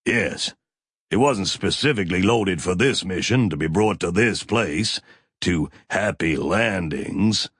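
A man reading an audiobook, voicing a smug, smooth male officer who speaks in a measured, dismissive way. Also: deep voice, animated, fairly bright tone, no room sound, studio quality, heavily acted.

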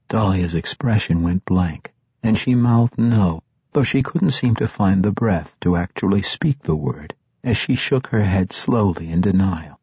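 Husky male audiobook narrator. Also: sits low, no echo. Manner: measured, steady reading. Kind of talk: scripted narration. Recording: dull, dry, muffled.

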